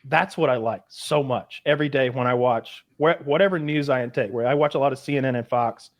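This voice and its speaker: A man's voice: medium pitch, a little fast. Rambling man, podcast host. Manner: rambling, lots of false starts. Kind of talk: casual chat.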